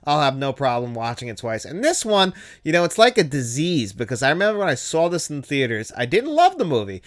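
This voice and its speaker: A man's voice: fairly high pitch, huge pitch swings, a little fast. A man in his thirties hosting a casual movie talk show, enthusiastic and laughing now and then. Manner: enthusiastic, laughs at quoted lines. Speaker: host.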